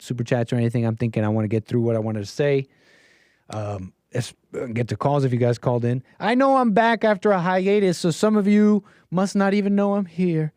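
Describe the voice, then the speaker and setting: A man hosting a call-in livestream talks to his chat in a medium-pitched, darkish voice with no echo. His casual monologue meanders, full of fillers, restarts, trailing thoughts, and frequent laughter.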